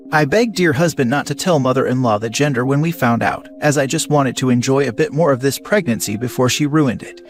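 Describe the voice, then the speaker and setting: Man narrating a story over faint music. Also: mid-range voice. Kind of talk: scripted narration of a first-person story.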